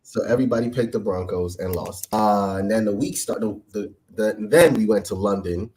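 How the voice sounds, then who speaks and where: A man's voice: fairly low pitch, normal speed, a little mellow. A man co-hosting a casual sports talk show, joking as he pushes the show along over a home mic. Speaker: co-host.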